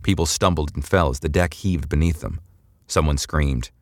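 A male narrator reading a sci-fi serial in a steady, measured way. His voice is extremely deep, and the recording is dry and close with no room sound. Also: no room sound. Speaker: audiobook narrator. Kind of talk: scripted audiobook narration.

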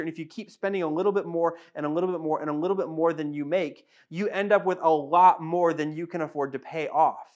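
A man's voice: fairly high pitch, lo-fi sound. A pastor preaches to his congregation. He drives each point home through repetition, circles back on phrases and restarts sentences mid-thought. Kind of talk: sermon.

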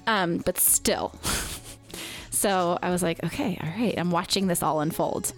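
A woman in her thirties co-hosting a podcast, telling family stories in casual chat, quoting people with lively voices and laughing often. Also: fairly low pitch, unhurried, faint music behind. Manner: chatty storyteller, animated quoting, laughs often. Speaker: podcast co-host.

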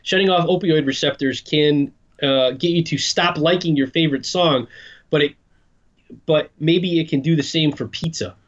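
Casting: wry male co-host reading news, slightly raised pitch, muffled lo-fi audio. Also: normal speed. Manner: dry, wry, reads articles with comments. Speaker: podcast co-host. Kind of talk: casual news chat.

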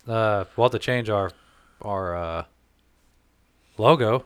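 A man's voice: lowish voice, takes it slowly, clean tone, no room sound. A man hosting a podcast in casual chat, laid-back and swearing freely. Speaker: podcast host.

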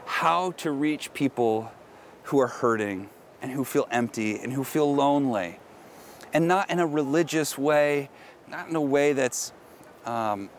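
A middle-aged pastor preaching outdoors, earnest and musing aloud with questions. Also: male voice, medium pitch, unhurried, slight background noise. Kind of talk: outdoor sermon. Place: outdoors at a historic site.

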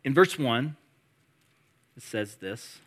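A man preaching a sermon, reading scripture with rising emphasis and praying softly. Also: medium pitch, lively intonation, slow pace. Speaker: pastor.

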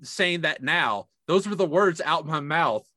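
A man co-hosting a podcast in casual, profane chat. He tells animated stories and acts out the voices in them. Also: a little high, unhurried, noisy background. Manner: profane, animated storytelling with big voiced quotes. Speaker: podcast co-host.

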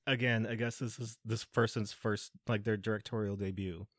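A man's voice: lowish voice, fairly even intonation, normal speed, no room sound, studio quality. A man hosting a casual film-review podcast, critiquing in a rambling, filler-heavy way. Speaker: podcast host.

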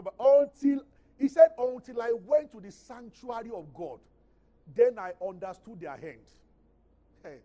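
With a high voice and a Nigerian English accent, a man preaching as pastor alternates between soft, conversational remarks and loud, emphatic scripture reading.

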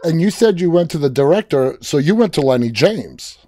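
A male host leads a live interview with a fan's eagerness. His voice is mellow and dark-toned. The sound is close and dry. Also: a little high, sing-song, a little fast, no room sound.

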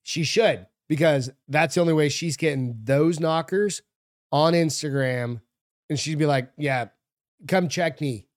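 A man's voice: a little high, unhurried, no room sound. Male podcast co-host, casual and crude, reads news aloud; dry, close sound.

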